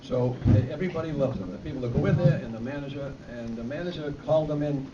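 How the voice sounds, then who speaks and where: A man's voice: mid-range voice, fast. A man telling jokes at a fundraiser, rambling through his setups and laughing at his own punchlines. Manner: rambling joke delivery with restarts and fillers. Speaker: amateur comedian at a fundraiser. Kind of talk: telling jokes to a live audience. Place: event hall with a live audience. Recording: distant, dull, with crowd noise.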